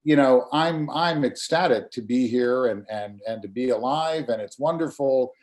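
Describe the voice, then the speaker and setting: Earnest, halting middle-aged man. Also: medium pitch, darkish tone. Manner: earnest, halting, often repeating words as he gathers thoughts. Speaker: graphic designer and community volunteer. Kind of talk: casual talk in an online community meeting.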